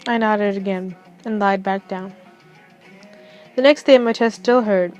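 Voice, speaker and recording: A young woman reading a first-person fan fiction story aloud, haltingly, with restarts. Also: mid-range voice, darkish tone, soft background music, poor audio.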